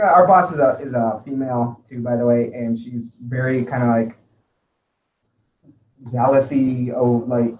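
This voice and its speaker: A man co-hosting a casual podcast chat, rambling with lots of fillers and quick laughs. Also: medium pitch, fairly even intonation, darkish tone. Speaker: podcast co-host. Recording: echoey room.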